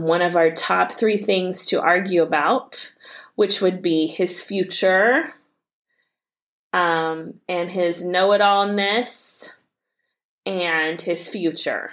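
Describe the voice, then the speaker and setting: Candid mother praying aloud. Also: medium pitch. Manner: candid, self-deprecating, prays aloud. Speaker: devotional podcast host. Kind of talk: personal devotional talk with prayer.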